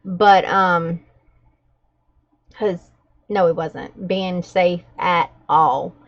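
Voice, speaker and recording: A woman hosting a journaling livestream from home, chatting in a relaxed, gossipy way and laughing between stories. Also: fairly low pitch, drawn-out words, lo-fi sound. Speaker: journaling vlogger, livestream host. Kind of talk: casual gossipy chat while journaling. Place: at home with her dogs nearby.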